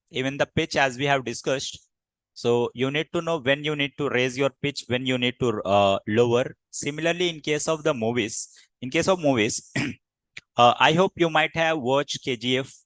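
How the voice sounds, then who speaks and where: A man from India leads a public speaking lesson in an instructive, repetitive way, leaning on his key words. His voice sits at an ordinary middle pitch. The sound is dry and close, with no room echo. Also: fairly bright tone. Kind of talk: classroom lecture.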